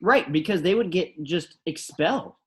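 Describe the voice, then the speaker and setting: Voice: medium pitch, moderate pace. A co-host with a mid-range voice talks casually on a podcast. They make critical points and lean on rhetorical questions. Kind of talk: casual chat.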